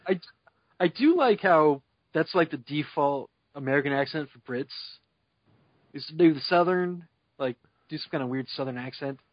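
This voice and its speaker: A man's voice: a little high, normal speed, dry recording, highs cut off. A man co-hosting a podcast in casual chat, telling stories with jokes and frequent laughter. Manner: joking, animated storyteller, laughs often. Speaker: podcast co-host.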